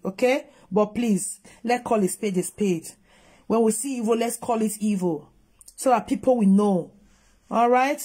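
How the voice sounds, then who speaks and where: Husky scolding Nigerian woman. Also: on the high side, darkish tone. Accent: Nigerian Pidgin English. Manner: scolding, emphatic, switching between English and Pidgin. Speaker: vlogger. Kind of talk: reaction commentary on a video.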